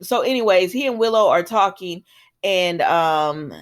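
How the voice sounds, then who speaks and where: Casual, opinionated woman vlogger with a lowish voice, talking straight to her viewers. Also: lively intonation, a little slow. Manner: chatty, opinionated, acts out characters' lines. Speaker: soap opera recap vlogger. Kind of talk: casual chat recapping episodes.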